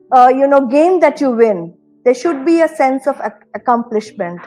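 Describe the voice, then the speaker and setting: High-voiced Indian woman giving career advice. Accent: Indian English. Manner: earnest, advisory, repeats key phrases. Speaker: university administrator giving a talk. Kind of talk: motivational career lecture.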